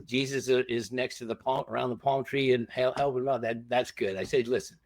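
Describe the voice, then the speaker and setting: A man's voice: mid-range voice, fairly even intonation, fairly quick, no room sound. A man, a guest and former reality show contestant, tells stories in casual chat, acting out other people's lines with laughter.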